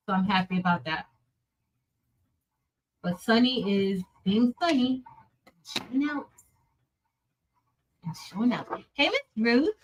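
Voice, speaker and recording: A woman's voice: fairly high pitch, low-quality recording. Chatty woman greeting her live viewers. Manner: chatty, greets viewers by name, animated storytelling. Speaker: livestream host. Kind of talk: casual live-stream chat.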